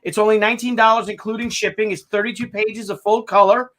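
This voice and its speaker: A man's voice: sits high, fairly even intonation, quick pace, a bit bright. An American man hosting a casual crowdfunding update, rambling and joking, often stumbling over his words. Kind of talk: casual chat.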